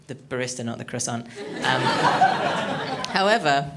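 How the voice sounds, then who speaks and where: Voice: mid-range voice, lively intonation, moderate pace, very noisy. A stand-up comedian doing a rambling, awkward, self-deprecating set with lots of ums, from Australia, recorded on a comedy studio stage.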